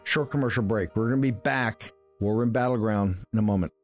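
A man hosting a political talk show, speaking in a forceful, indignant way with quick asides. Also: on the low side, faint music behind. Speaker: host.

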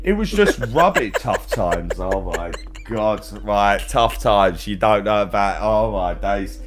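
A man's voice: lowish voice, animated, heavy background noise. A man co-hosting a podcast in casual chat, telling stories against himself with a laugh. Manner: self-mocking storyteller, slow and laughing. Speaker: podcast co-host.

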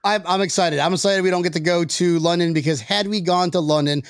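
A man hosting a casual sports podcast, excitable and rambling, laughing often between thoughts. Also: high-pitched, a little fast, no room sound, studio quality. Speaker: podcast host.

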